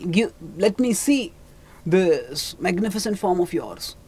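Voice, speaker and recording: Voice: medium pitch, very animated, takes it slowly, darkish tone, husky, full character voice. A storyteller voicing a pleading old blind king, in a raised and earnest tone.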